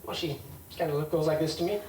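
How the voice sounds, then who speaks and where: A man's voice: a little high, fast talker, slight background noise. A man doing a stand-up comedy set, rambling and hesitant, talking back to hecklers. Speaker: stand-up comic. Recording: roomy club sound from a distant mic with loud crowd.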